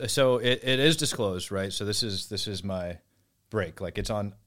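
A man's voice: fairly low pitch, normal speed, fairly bright tone. A man, a former soldier, talking casually and bluntly as a podcast guest, swearing and restarting his sentences. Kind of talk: casual conversation. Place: small room in a house.

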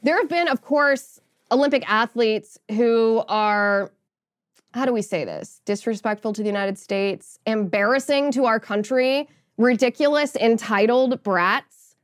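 A woman's voice: on the high side, measured pace. Sarcastic, indignant woman podcast host. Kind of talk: opinionated political commentary.

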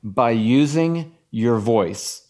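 A man's voice: mid-range voice, animated, a little mellow. Emphatic middle-aged preaching man. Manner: emphatic, slows down for key points. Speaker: guest pastor and author. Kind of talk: preaching in conversation.

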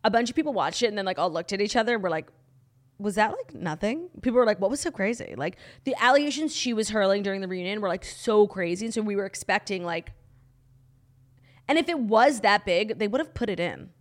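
A young woman co-hosting a podcast, telling a reality-show story in a gossipy, animated way, full of "like". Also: medium pitch, fast talker. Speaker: podcast co-host. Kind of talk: casual chat.

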